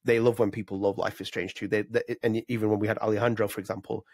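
A man's voice: on the low side, level tone, darkish tone, dry recording, studio quality. A man co-hosting a gaming podcast, chatting casually and rambling with lots of fillers. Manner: rapid, rambling with many fillers. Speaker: podcast co-host. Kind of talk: casual chat.

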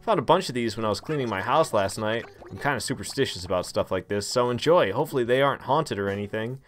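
A man voicing a cheerful male robot villager from a cute life-sim game, reading its dialogue aloud in a raised, bright voice. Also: medium pitch, animated, fast talker, soft background music, lightly acted. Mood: chirpy.

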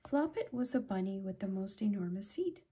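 A woman reading a children's picture book aloud, gentle and often dropping to a whisper, with a husky voice. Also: mid-range voice, expressive, a little fast. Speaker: children's storytime reader.

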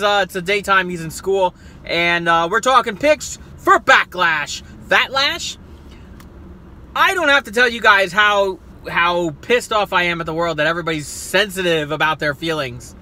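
A man's voice: sits high, slight background noise. A man with a South Jersey accent ranting casually about wrestling picks from a parked car, profane and jokey. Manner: profane, excitable, jokey rants. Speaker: wrestling vlogger.

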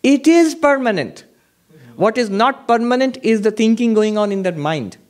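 A man with a notably high voice teaches at a meditation retreat. He speaks emphatically, repeating key points and asking questions of his listeners before answering them himself. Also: animated, normal speed, darkish tone. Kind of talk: spiritual lecture. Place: retreat hall before an audience.

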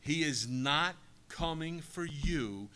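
A man's voice: fairly high pitch, lively intonation, takes it slowly, pushed and bright, smooth. A male pastor giving a sermon, preaching emphatically and asking the congregation rhetorical questions.

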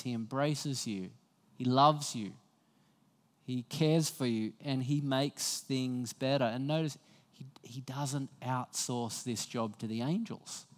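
A man's voice: medium pitch, in a large hall. A man preaching a sermon as pastor, talking to the congregation in a conversational way and weaving in personal stories. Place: church.

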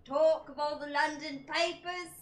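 A woman's voice: high voice, fairly even intonation, measured pace, reverberant, poor audio. A woman voicing a scornful male train guard in an exaggerated mock English accent.

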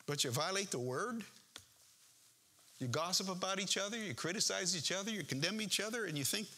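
A man's voice: high voice, lively intonation, a little fast, sharp tone, a little hiss or hum. A man preaching a sermon as pastor in a church, earnest and impassioned, building to emphatic peaks.

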